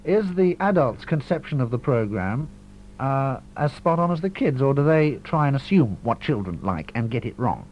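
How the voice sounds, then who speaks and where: A man hosting a radio interview, asking brisk, conversational questions. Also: mid-range voice, big pitch swings. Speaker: radio host. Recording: muffled 1970s radio archive with hum.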